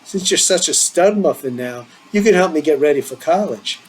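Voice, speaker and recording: A man's voice: animated, normal speed, a little hiss or hum, natural voice, poor audio. Man voicing a playful, needling teen boy; lift the voice up from your own. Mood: teasing. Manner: playful, needling, higher and brighter than his own voice. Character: teasing eager teenage boy leaving for college.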